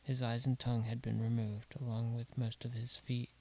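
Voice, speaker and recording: Guy reading a creepy story out loud, slow n deliberate, gets hushed at the gross bits, kinda monotone. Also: mid-range voice, gravelly, slight background noise, low-quality recording. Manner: slow, deliberate, dropping to a hush at grim details. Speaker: narrator. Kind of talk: scripted horror story narration.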